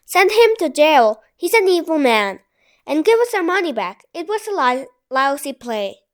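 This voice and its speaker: A woman's voice: high voice, very animated, moderate pace. A woman reading as an angry heckler. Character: angry audience member shouting.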